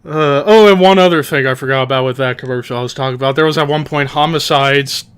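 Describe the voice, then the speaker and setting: A podcast co-host with a mid-range, clean-toned voice talks fast as he retells a commercial with loads of energy. He's an animated storyteller, acting out the people in the ad and belting their quoted lines in loud voices.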